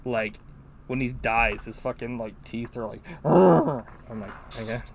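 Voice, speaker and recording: A man hosting a podcast, chatting casually and recounting a movie in a rambling, profane, animated way. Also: mid-range voice, normal speed, a little hiss or hum. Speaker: podcast host. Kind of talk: casual movie-review chat.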